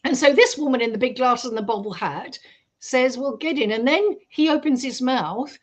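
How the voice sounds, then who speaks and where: A woman, a guest on a radio show, telling a story in a lively way and acting out the quoted voices. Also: high voice, normal speed. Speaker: guest researcher. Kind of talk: storytelling in an interview.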